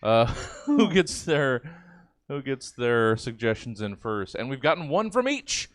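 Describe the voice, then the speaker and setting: A man reading out viewer suggestions on a comedy live stream, his pitch swinging widely as he chatters and laughs. The sound is dry and close, over a video call. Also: unhurried, no echo. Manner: lively, laughing, reading out a list. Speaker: improv performer reading suggestions.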